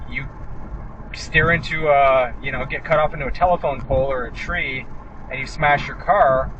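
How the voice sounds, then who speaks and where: A man's voice: mid-range voice, fairly even intonation, moderate pace, highs cut off. Chatty man talking while driving. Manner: chatty, wry and sarcastic asides. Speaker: injury lawyer. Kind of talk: casual talk while driving. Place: inside a car driving on city streets. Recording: noisy in-car road recording. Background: car and road noise.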